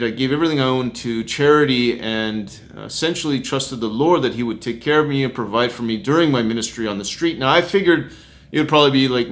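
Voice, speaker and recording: A man's voice: medium pitch, a bit bright. A man with a Canadian accent, a street minister giving a casual devotional testimony in a chatty, folksy way, dropping "eh" at the ends of lines.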